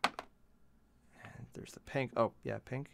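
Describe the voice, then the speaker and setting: Gravelly man muttering while painting. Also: medium pitch, steady tone, slow, background noise. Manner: mutters to himself, self-deprecating asides. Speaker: miniature painting channel host. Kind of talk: casual commentary while painting.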